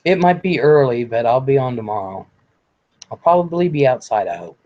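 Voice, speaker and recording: A man hosting a live stream in a relaxed, blunt way, reading viewer comments aloud and swearing casually. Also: medium pitch, fairly quick, highs cut off.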